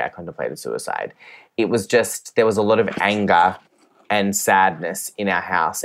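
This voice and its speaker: Young man, very low voice, candid, emotional storytelling. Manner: open and emotional, acts out quoted voices. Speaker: guest.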